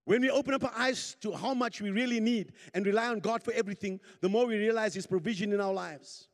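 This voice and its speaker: A pastor preaching a sermon, leading his congregation in call and response and climbing to shouts at the peaks. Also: high-pitched, fast talker. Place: church hall. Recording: long hall reverb.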